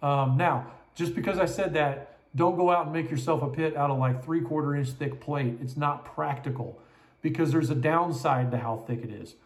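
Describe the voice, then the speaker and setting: A man's voice: on the high side, normal speed. A man answering a listener's barbecue question with confident explanations. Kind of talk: casual explanation. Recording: echoey room.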